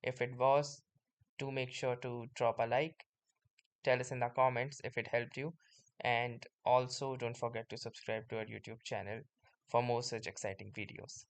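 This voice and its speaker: Man with a smooth, clear voice walking through steps. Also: medium pitch, moderate pace. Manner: steady explanatory, frequent "so" starters. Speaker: tutorial host. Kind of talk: screen-recorded software tutorial.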